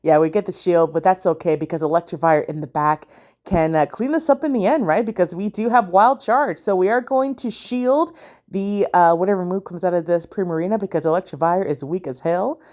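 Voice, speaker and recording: A woman's voice: on the low side, a little fast, a little mellow. A woman casually commentating her own video game battles, chatty and often unsure, thinking aloud with fillers. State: sleepy, yawning. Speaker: gaming channel host.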